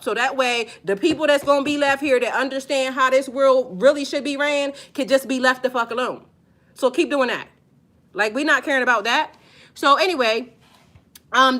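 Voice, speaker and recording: A woman's voice: on the high side, a bit bright. A woman who works as a spiritual life coach, talking casually and bluntly to viewers, emphatic and profane, stretching out her stressed words. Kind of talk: casual unscripted video talk to viewers.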